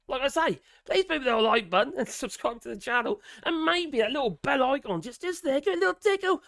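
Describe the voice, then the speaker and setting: A man's voice: very high-pitched, creaky, a bit bright, dry recording, clean studio sound. Norfolk bloke ranting on his vlog, strained worn out voice, swears and giggles, really up and down. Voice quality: strained, worn vocal cords. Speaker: vlogger. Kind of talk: casual opinion rant to camera.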